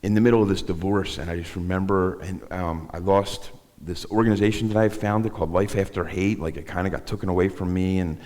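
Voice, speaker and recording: A middle-aged man with a very low, deep voice tells his own story from the front of a synagogue sanctuary. He talks in a rambling, halting way, restarting his sentences. His words ring out with a long reverb through the large hall. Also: steady tone, darkish tone. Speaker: guest speaker. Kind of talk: personal testimony talk.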